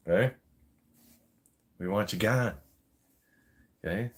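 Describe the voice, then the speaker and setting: A man's voice: mid-range voice, expressive, measured pace, pauses often. A man hosting a livestream, ranting bluntly with lots of swearing. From Canada. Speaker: livestream host. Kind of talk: profane casual rant.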